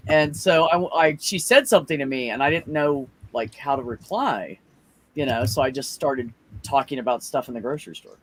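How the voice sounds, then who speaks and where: A man's voice: mid-range voice, normal speed, slight background noise. A man hosting a casual podcast chat, telling stories animatedly and acting out the people he quotes, with casual swearing. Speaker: podcast host.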